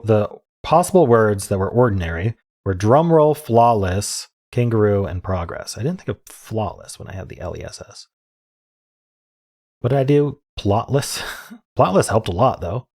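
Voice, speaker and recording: Low-voiced man muttering through puzzles. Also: darkish tone. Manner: muttering, hesitant, many ums, self-amused. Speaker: word game streamer. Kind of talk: thinking aloud while solving puzzles.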